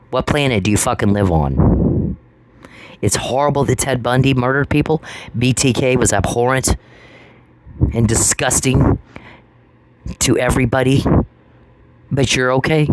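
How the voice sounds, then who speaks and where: Man ranting over a noisy, clicking recording. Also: lowish voice. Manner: confrontational, profane, repeats phrases for emphasis. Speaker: channel host. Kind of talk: angry solo monologue.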